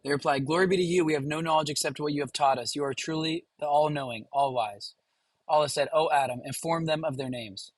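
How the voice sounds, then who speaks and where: A man's voice: on the high side, brisk, no echo, poor audio. A man hosting a live watch party, reading a passage aloud with casual asides to viewers. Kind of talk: live stream commentary.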